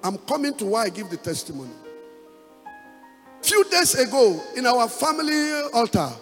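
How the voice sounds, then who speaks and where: A man giving a testimony as a pastor, with emphatic preaching and half-sung phrases that build to loud exhortation. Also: very high-pitched, very animated, normal speed. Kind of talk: sermon testimony. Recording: echoey hall with music behind.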